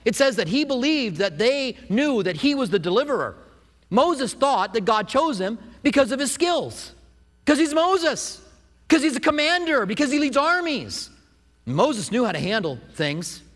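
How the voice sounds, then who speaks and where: A man preaching a sermon, retelling a scripture story with animated storytelling. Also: very high voice, unhurried. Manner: animated storytelling, acts out quotes. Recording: echoey hall.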